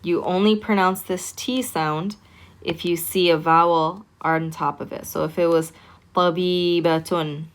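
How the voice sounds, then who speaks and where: A woman teaching an online language lesson, talking patiently, repeating words slowly and checking in with "okay?". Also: on the low side, fairly even intonation. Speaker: Arabic teacher.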